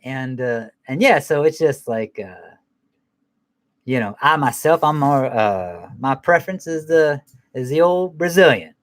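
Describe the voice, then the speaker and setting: A man's voice: fairly high pitch, animated, unhurried. A man hosting a casual film review chat, rambling and swearing freely, with many restarts and "man" thrown in. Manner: laughs at his own jokes.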